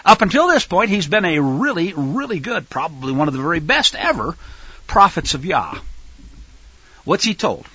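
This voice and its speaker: An animated male preacher teaching through a scripture passage, his voice leaping wildly up and down in pitch. The tone is bright yet husky, heard dry and close on a slightly dull, lo-fi recording. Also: normal speed, no echo. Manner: animated and emphatic, swinging from loud stresses to near-murmurs. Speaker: Bible teacher. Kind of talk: teaching sermon with scripture reading.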